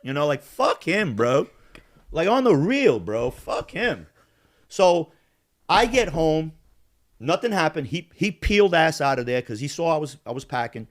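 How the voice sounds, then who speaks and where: A man's voice: on the high side, measured pace. A man telling a story in casual, profane chat, acting out what the people in it said. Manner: profane, animated, acts out quotes. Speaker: podcast host.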